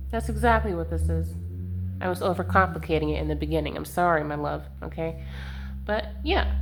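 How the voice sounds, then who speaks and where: A woman's voice: fairly low pitch, slight background noise. Giggly young woman reading tarot. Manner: chatty and giggly, full of "like" fillers. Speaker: tarot reader. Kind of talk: casual tarot reading to camera. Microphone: handheld camera mic.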